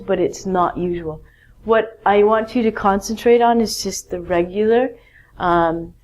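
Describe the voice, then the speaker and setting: A woman gives a grammar lesson at an unhurried, deliberate pace. She is patient and encouraging and walks the learner through each point one step at a time. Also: on the high side, warm tone. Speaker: English teacher.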